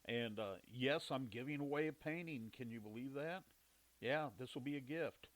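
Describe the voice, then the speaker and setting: A man's voice: mid-range voice, normal speed, poor audio. A middle-aged man hosting a casual podcast monologue, telling rambling stories in a chatty way with frequent laughs and self-corrections. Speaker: podcast host.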